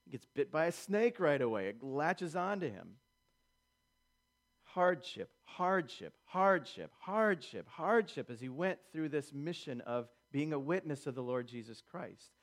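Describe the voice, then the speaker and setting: A man's voice: a little high, big pitch swings, unhurried. A man preaching a sermon, acting out quotes in character and building emphasis through repetition. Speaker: pastor.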